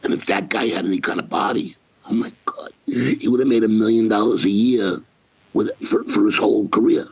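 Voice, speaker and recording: Gruff low-voiced brash man. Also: fairly quick, a little mellow, dry recording. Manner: brash, emphatic storyteller. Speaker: wrestling manager guest. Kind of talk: casual interview. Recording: dull lo-fi podcast audio.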